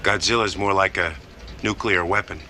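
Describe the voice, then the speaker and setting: A man's voice: deep voice, steady tone, a little fast, bright, forceful tone, soft background music. An actor playing a grave man who solemnly warns that a monster cannot be destroyed, in a dubbed film clip. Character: grave man warning about an unstoppable monster. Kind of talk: dramatic film dialogue.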